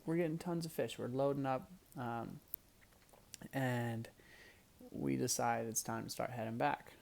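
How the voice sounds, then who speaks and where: A young man casually tells a personal story to the camera, animated and laughing. Now and then he drops into hushed asides, and his mid-range voice has vocal fry.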